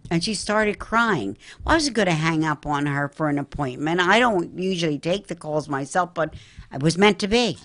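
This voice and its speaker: A woman's voice: deep voice, animated, normal speed, fairly bright tone. A middle-aged woman from the Philadelphia area, a psychic medium telling earnest stories in an interview. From Philadelphia, Pennsylvania area. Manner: earnest, storytelling, addresses listener as honey. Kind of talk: interview talk.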